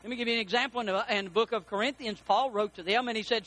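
Middle-aged male pastor, high and bright, preaches in a storytelling way with drawn-out stresses. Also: low-quality recording. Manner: preaching with storytelling, slow emphatic stresses, quoted dialogue. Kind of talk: sermon.

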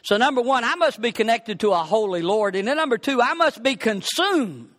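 A man preaching a sermon as pastor, emphatic, repeating words for stress and rising to shouts. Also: very high voice, animated, brisk.

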